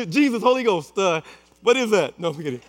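A man's voice: high voice, lively intonation, brisk. A man preaching a sermon with emphatic repetition and playful asides. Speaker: pastor. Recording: long hall reverb with mains hum.

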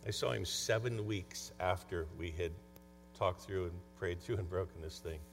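Speaking at a moderate pace with vocal fry, this man has a low-sitting voice, and faint music plays behind him. He's a conference speaker and coach telling stories in a conversational motivational talk, recorded with long hall reverb and a faint mains hum.

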